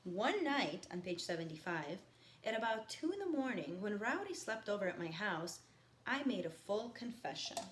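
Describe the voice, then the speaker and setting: A woman teacher reading a novel aloud to her students, stopping for quiet teaching asides. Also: mid-range voice, sing-song, moderate pace. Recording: echoey room with faint background noise.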